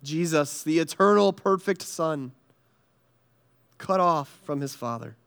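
A man preaching a sermon in an earnest style, pausing often and dropping soft and low on heavy lines. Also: clean tone. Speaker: pastor.

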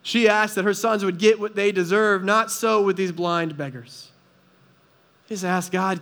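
A man's voice: sits high, steady tone, unhurried, a bit bright. A man preaching a sermon in an earnest, conversational way, often asking the listeners rhetorical questions. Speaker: pastor.

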